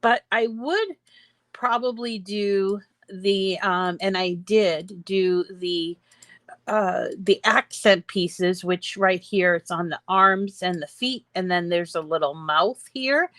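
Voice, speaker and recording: A woman walks through a craft project step by step at a slow, unhurried pace, with plenty of small fillers as she goes. Her voice sits close and dry on a desk mic, with no room sound around it. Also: medium pitch, a bit bright, no room sound. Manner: chatty, explains step by step with fillers. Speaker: craft tutorial host. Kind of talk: screen-share craft tutorial.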